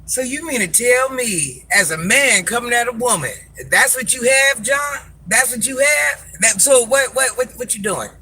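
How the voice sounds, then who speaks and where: An older woman tears into a commenter in a live rant, sassy and scolding. She drags out her insults and repeats them for emphasis. Music plays clearly behind her voice. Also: fairly high pitch, expressive, moderate pace, hardly any pauses, bright, forceful tone. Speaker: social media personality.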